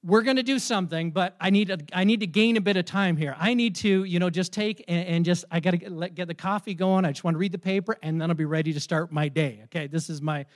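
A man's voice: high voice, fast, hardly any pauses, natural voice. A man voicing a busy young father who is stalling for time over his morning coffee. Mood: weary. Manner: weary, stalling.

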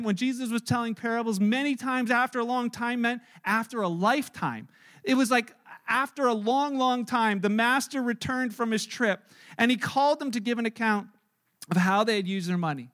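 A middle-aged man, a pastor preaching a sermon, who tells its story with animated energy and acts out the people in it. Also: very high voice, moderate pace.

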